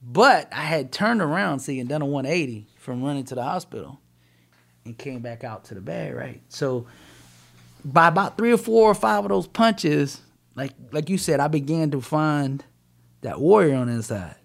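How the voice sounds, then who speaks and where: A man speaking as a motivational speaker and interview guest, telling a personal story in an emphatic, animated way and acting out the dialogue. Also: fairly high pitch, moderate pace, vocal fry.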